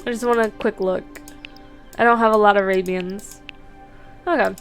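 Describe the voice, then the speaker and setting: A woman's voice: medium pitch, fairly even intonation, normal speed, soft background music. A woman streamer chatting casually and laughing at herself while playing a horse-riding game. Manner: chatty, giggly, self-deprecating. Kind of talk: casual gameplay commentary.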